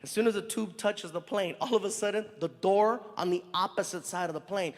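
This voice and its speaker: Male comic telling a story on stage, high voice, big hall echo. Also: a little fast. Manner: animated, conversational, acts out scenes. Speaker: stand-up comedian. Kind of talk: stand-up storytelling. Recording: live stand-up in a hall with reverb.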